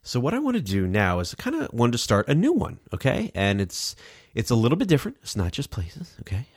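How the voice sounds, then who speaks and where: A man's voice: mid-range voice, wildly swooping pitch, fairly quick, breathy edge, dry recording, studio quality. A man hosting his own podcast in casual solo talk, sounding nasal from a stuffy nose, chatty and self-deprecating with rambling asides. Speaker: podcast host. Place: home recording setup in New Jersey.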